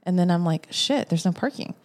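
A woman guest on a podcast, telling a story in a casual, animated way and acting out her own lines. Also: fairly quick. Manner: animated, acts out her own quotes with rising pitch.

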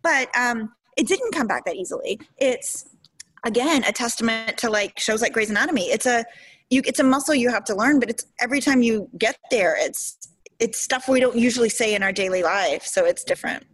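A woman soap opera actress in her forties, telling stories in an interview in a chatty, emotional, animated way. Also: on the high side, a little fast, breathy edge, rough recording.

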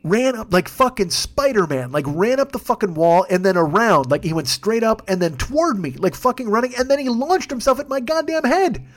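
Man, high voice, rapid pace, profane, rambling comic storyteller. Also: animated. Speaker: podcast host. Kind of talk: comedic storytelling.

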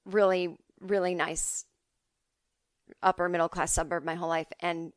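A woman's voice: on the low side, level tone, moderate pace, no echo, clean studio sound. A woman hosting a podcast, telling rambling, self-deprecating stories in a casual comedic monologue. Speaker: podcast host.

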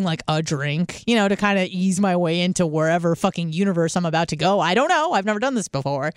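A young woman telling a story in casual podcast chat, animated and swearing, acting out the people in it. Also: fairly low pitch, clear, resonant tone, no room sound, clean studio sound. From California. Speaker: podcast guest.

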